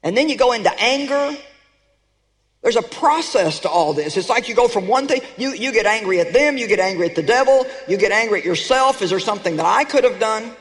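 A woman's voice: a little high, animated, fairly quick. A woman preaches with emphatic, rallying delivery, calling out to her congregation. Her voice rings through a large hall with a long reverb trail. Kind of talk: sermon.

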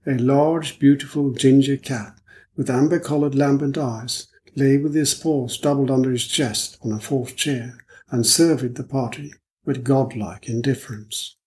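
A man giving a measured, even audiobook narration of a detective story. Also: medium pitch, poor audio. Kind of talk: scripted narration.

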